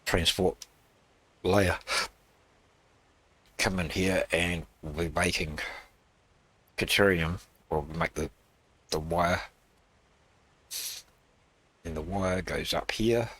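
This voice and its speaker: A man hosting a gaming channel, casually talking through his game build in a rambling, halting way with many fillers. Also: low-pitched, fairly bright tone. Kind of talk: casual gameplay walkthrough.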